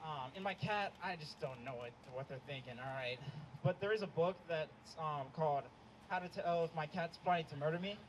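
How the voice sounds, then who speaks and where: A young man doing a stand-up set outdoors, hesitant and deadpan, with many ums. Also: on the high side, a little fast. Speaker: stand-up comedian. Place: outdoor show in the cold. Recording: noisy outdoor recording.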